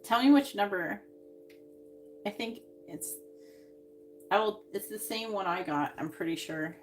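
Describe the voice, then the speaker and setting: A woman's voice: medium pitch, unhurried, a little hiss or hum. A woman psychic giving tarot readings on a live stream, speaking in short, emphatic statements. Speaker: psychic reader.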